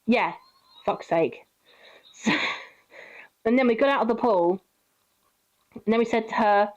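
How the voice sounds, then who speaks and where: A woman's voice: fairly high pitch, a little slow, pauses often, highs cut off. A young woman vlogger telling a casual, rambling story. She swears freely and laughs often as she talks.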